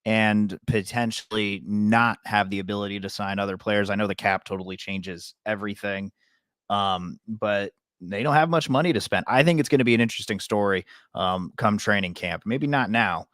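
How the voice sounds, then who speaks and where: A man co-hosting a sports podcast in a relaxed, rambling way with many fillers. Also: on the low side, normal speed, no room sound, studio quality. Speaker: sports podcast co-host and radio reporter. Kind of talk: casual chat.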